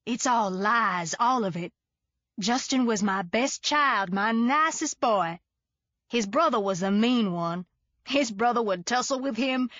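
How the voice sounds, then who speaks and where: Woman reading an insistent Southern mother, honey-smooth and slow, dry dull audiobook sound. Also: mid-range voice, a bit bright, dry recording. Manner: slow, pleading, emphatic.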